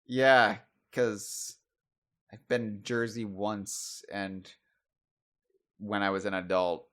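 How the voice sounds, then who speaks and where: A man's voice: fairly low pitch, little pitch movement, slow pace, a bit bright. A man hosting a podcast, chatting casually and thinking aloud about video games. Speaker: podcast host.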